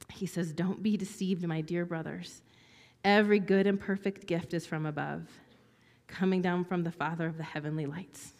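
Woman preaching in a reverberant hall. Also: fairly low pitch. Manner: conversational, animated, asks audience to respond. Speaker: pastor. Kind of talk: sermon. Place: church hall with audience. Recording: long reverb of a large hall.

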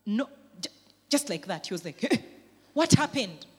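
A woman pastor preaching a sermon, with emphatic swells of intensity that drop back to quieter, conversational stretches. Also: mid-range voice, big pitch swings, measured pace, breathy edge, long reverb tail.

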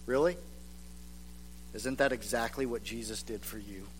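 A man preaching a sermon as a pastor, dropping to hushed, near-whispered lines for emphasis and acting out the voices of reluctant listeners. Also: lowish voice, fairly even intonation, brisk, slight background noise. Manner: acts out the voices of reluctant churchgoers.

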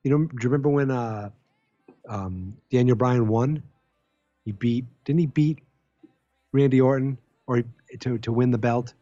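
A man's voice: mid-range voice, moderate pace, pauses often, mellow, soft background music. A man co-hosting a podcast in casual chat, teasing and joking and swearing freely. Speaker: podcast co-host. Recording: dull lo-fi sound.

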